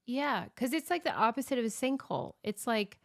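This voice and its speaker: Gravelly-voiced woman podcast co-host. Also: fairly high pitch, lively intonation, brisk. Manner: chatty storyteller, wry asides. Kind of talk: casual chat.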